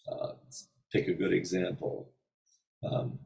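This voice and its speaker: A man giving an informal singing lesson in a hotel room, thinking aloud with many pauses and breaking into short sung examples. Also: sits low, steady tone, darkish tone, distant mic, poor audio. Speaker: voice teacher.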